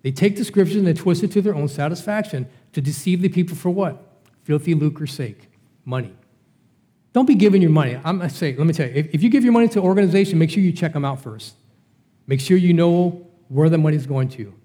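A man's voice: fairly high pitch, brisk, mellow. A middle-aged man preaching a Bible study sermon in a conversational way, asking rhetorical questions. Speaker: pastor.

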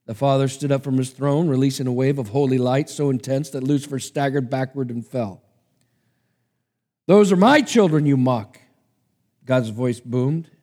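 A man's voice: mid-range voice, little pitch movement, fairly quick, few pauses, mellow. A man preacher giving a sermon and reading a story aloud in an emphatic, dramatic way. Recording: long hall reverb.

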